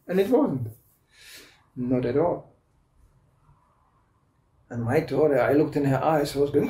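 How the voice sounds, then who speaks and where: Man lecturing with a mellow, roomy echo. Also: fairly high pitch, expressive, recorded from a distance, a little hiss or hum. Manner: storytelling, laughs often, halting restarts. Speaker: spiritual lecturer. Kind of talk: anecdotal spiritual lecture. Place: club lecture room.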